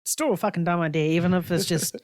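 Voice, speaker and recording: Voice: medium pitch, quick pace, no echo, clean studio sound. Blunt, sweary young podcast co-host. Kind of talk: casual film chat.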